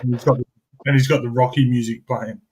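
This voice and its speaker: A man with a mid-range voice chats on a livestream in a relaxed, offhand way and swears casually. A faint noise sits behind him. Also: medium pitch, fast. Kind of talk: casual chat.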